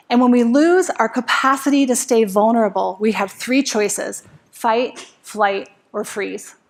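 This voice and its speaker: A woman speaking at a conference with a slightly higher voice, telling a personal story and asking the crowd questions. She acts out her own anxious inner voice as she goes. She sounds middle-aged. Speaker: speaker giving a talk. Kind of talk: conference talk to a live audience.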